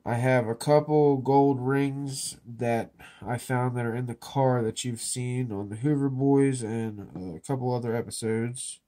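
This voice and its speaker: A man with a cold clears his throat now and then as he walks through his finds in an office. He talks slowly and easily at a middle pitch, joking and wandering a little. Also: steady tone, mellow. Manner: laid-back, joking, slightly rambling. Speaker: metal detecting vlogger. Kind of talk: casual show-and-tell. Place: indoors in an office.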